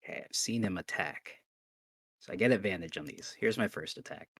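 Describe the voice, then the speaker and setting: Excitable man playing a tabletop game. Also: low voice, a little fast, slightly rough, dry recording. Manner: excitable, thinks aloud with restarts. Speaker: player. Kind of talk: casual tabletop game play.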